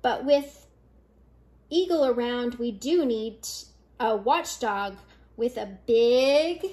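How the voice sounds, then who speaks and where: A small, spirited prairie dog from a storybook, calling out high and urgent to the whole colony, as an older woman reading aloud puts her on. The voice rides up bright and high, slow and clear for young listeners. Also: animated. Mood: matter-of-fact. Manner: high, urgent calls to the others.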